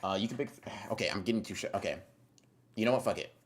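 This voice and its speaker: Low-voiced laid-back male streamer. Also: quick pace. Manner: laid-back, slangy, rambling with fillers and restarts; swears casually. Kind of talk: casual live-stream chat, reading and answering chat.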